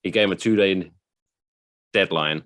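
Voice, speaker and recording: A man's voice: low voice, normal speed, a bit bright, no room sound. A man hosting a casual comedy podcast, rambling through a story and swearing freely. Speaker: podcast host.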